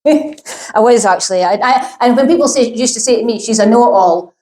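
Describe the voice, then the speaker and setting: A woman's voice: a little high, a little fast, a little mellow. A woman doing a stand-up set, talking bluntly and rambling with heavy swearing, at a live comedy venue. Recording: roomy echo.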